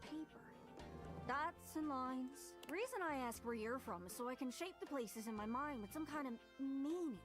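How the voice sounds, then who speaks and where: A woman's voice: high-pitched, animated, moderate pace, over music. A woman with a Newfoundland accent voicing a chatty, eager young woman traveler in a game, rambling and apologetic. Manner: rambling, apologetic, folksy dialect. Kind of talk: game voice acting.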